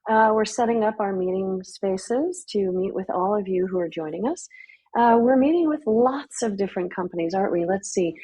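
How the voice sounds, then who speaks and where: A woman's voice: mid-range voice, moderate pace, mellow, breathy edge, poor audio. A woman co-hosting a podcast in casual chat, who asks her co-host questions and laughs easily.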